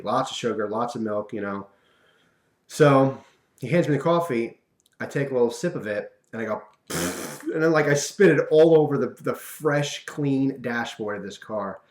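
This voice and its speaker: A man's voice: mid-range voice, roomy sound. Rambling young man telling a story. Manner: animated, rambling, with fillers. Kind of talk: casual storytelling vlog.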